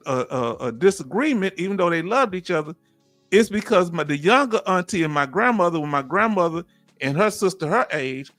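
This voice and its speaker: A man's voice: high voice, creaky, sharp tone, no room sound. A man hosting a casual live chat, reading viewer comments and telling folksy family stories. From Texas. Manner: folksy, storytelling, reads chat aloud. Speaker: host.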